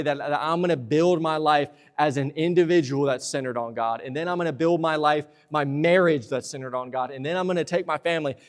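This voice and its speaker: A young man preaching a sermon in a church, lively and talkative, slipping into playful asides. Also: on the high side. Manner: lively preaching, acts out husband and wife exchanges in asides. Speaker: pastor. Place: church sanctuary.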